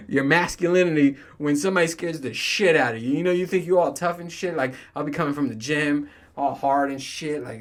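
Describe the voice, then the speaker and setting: A man's voice: fairly high pitch, fairly quick. A man in his thirties hosting a solo podcast, chatting casually in a rambling, profane way and laughing often. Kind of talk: casual monologue.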